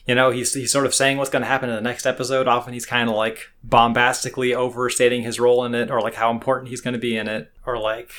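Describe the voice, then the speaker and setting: A man's voice: mid-range voice, little pitch movement, fast, few pauses, fairly bright tone. A man co-hosting a podcast in casual chat, rambling with many fillers and restarts. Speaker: podcast co-host.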